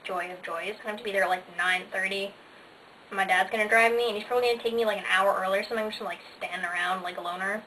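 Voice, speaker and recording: A woman's voice: mid-range voice, fairly even intonation, fast talker, pushed and bright. A teenage girl vlogging casually, bubbly and sarcastic, with lots of "like" fillers. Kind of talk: casual chatty vlog. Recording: faint hiss, slightly distant mic.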